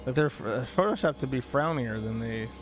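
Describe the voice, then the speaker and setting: A man's voice: medium pitch, fairly quick, over music. A man giving rambling, joking let's-play commentary as he plays a horror game, swearing now and then. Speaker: gaming streamer.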